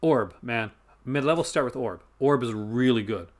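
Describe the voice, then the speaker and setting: A man's voice: medium pitch, moderate pace. A man from Newfoundland with a Canadian accent, chatting casually on a live stream in a rambling way, often cutting himself off and chuckling.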